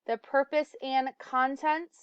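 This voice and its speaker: A woman's voice: high-pitched, level tone, takes it slowly, no echo, muffled recording. A woman teacher giving a recorded lesson. She explains step by step and sometimes stumbles or corrects herself. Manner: self-correcting, occasional stumbles and fillers.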